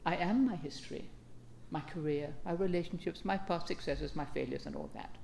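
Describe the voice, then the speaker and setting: Low, gravelly woman giving a calm dharma talk. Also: slight background noise. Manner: calm, gentle, unhurried, with reflective pauses.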